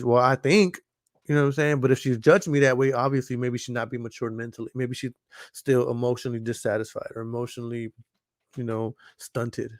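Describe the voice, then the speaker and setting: A man hosts a podcast in casual chat, rambling, swearing a lot, and repeatedly asking "you know what I'm saying." His mid-range voice has a darkish tone, recorded with clean studio sound and no echo.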